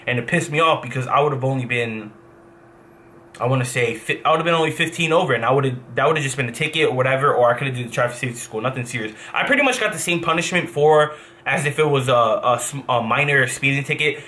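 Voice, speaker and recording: A young professional gamer from New Jersey tells a rambling, animated story in a casual vlog, swearing as he backtracks. He speaks quickly in a mid-range voice, with a little hiss or hum in the audio.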